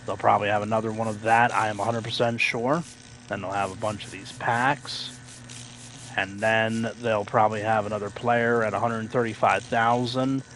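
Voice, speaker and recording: A man casually chatting on a game livestream, rambling with lots of fillers and self-corrections, now and then acting out loud excited announcers. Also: normal speed, a little hiss or hum. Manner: acts out quoted announcers with sudden loud high outbursts. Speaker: livestream gamer.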